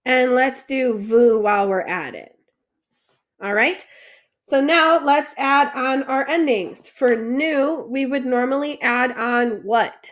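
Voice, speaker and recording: In a slow, high voice, a woman teaches a French lesson, explaining the classroom material patiently. She poses questions and then supplies the answers herself.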